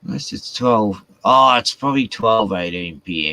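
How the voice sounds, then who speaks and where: A man's voice: lowish voice, animated, moderate pace, few pauses, bright, forceful tone, dry recording, low-quality recording. A man, hosting a casual, rambling live stream, swearing a lot and chatting to his dogs, with a cough.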